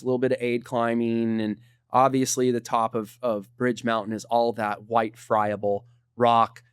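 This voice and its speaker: A middle-aged man, a podcast guest, telling climbing stories in a laid-back, animated way. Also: mid-range voice, smooth, no echo, clean studio sound. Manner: animated, laid-back storyteller saying dude. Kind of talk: casual storytelling.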